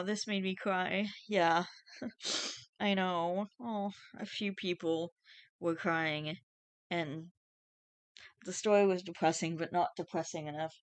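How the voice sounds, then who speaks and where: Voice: medium pitch, clear, resonant tone, dry recording. A young adult YouTuber reading Reddit posts aloud and reacting in a rambling, chatty way, full of fillers and casual swearing.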